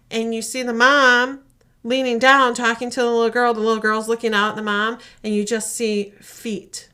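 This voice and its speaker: Bright-voiced woman retelling a horror story. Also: a little high, moderate pace. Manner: animated storytelling, acts out voices. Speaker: podcast co-host. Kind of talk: casual chat, retelling a horror short.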